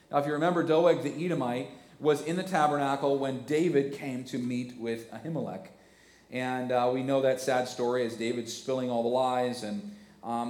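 A male pastor with a hoarse, cracking voice preaching a sermon, animated and conversational, with many rhetorical questions. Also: medium pitch, moderate pace. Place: church. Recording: echoey church hall.

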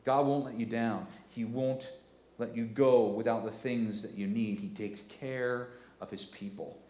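A man in his forties preaching a sermon, swelling into loud, emphatic passages. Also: medium pitch, fairly even intonation, measured pace, reverberant. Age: 40s. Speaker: pastor. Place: church sanctuary.

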